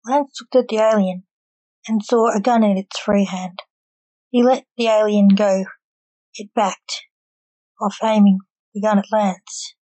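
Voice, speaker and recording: A woman storyteller reading a story aloud in an even, measured way. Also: medium pitch, no room sound, poor audio.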